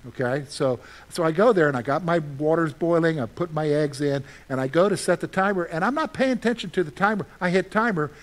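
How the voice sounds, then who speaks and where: A man preaching a sermon in a conversational way, asking his listeners questions and answering them himself, with lively storytelling. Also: fairly high pitch. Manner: animated storytelling with sudden loud outbursts. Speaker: pastor.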